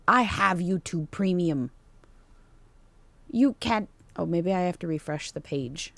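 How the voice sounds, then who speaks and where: A woman's voice: fairly low pitch, a little slow, soft background music. A woman streaming live, chatting casually and joking about herself while reacting to a cooking video. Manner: playful, self-joking, chatty asides to chat. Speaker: VTuber streamer.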